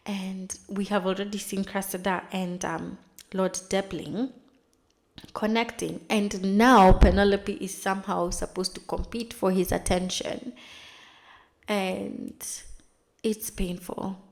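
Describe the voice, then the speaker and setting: A woman's voice: medium pitch, level tone, creaky. Woman host, casual recap commentary, chatty storytelling delivery. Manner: chatty, retells scenes with quick dramatized asides. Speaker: TV recap vlogger.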